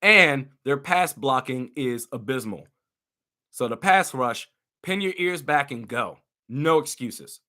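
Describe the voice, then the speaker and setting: A young man reacts live to a football game as a fan, animated and exasperated, with loud outbursts. His voice is medium-pitched and his pace slow.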